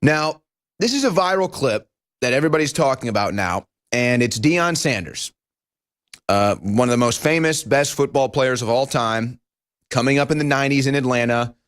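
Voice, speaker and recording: A man hosting a studio talk show, delivering an animated political commentary monologue with emphatic rhetorical questions. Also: medium pitch, moderate pace. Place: broadcast studio.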